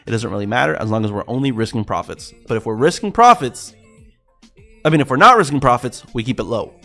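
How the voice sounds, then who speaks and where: On a casual livestream with faint music behind him, a gravelly-voiced young man from South Florida talks trading with his viewers. He's a fast talker at medium pitch, rambling, cursing and getting worked up as he addresses chat.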